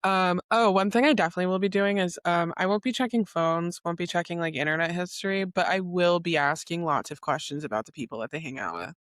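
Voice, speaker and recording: A woman's voice: on the low side, fast, few pauses, a bit bright, no echo, studio quality. A young woman co-hosting a podcast, chatting casually and bluntly with some swearing and easy laughter. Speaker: podcast co-host. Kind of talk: casual chat.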